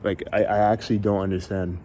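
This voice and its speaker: Speaking quickly in a deep, warm voice that barely moves in pitch, this young man rants to his viewers about his frustrations. He's a musician vlogger, and his rambling, exasperated talk is loaded with fillers and curses. A faint hiss or hum runs underneath.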